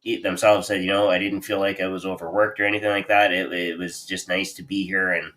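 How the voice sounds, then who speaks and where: A man from Canada co-hosting a casual video-call chat, halting with many fillers. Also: deep voice, level tone, a bit bright. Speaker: co-host.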